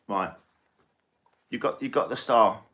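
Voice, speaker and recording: Male tarot reader on a live stream; bright tone, chatty and soothing, says things twice. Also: medium pitch, a little slow. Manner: chatty, reassuring, repeats himself.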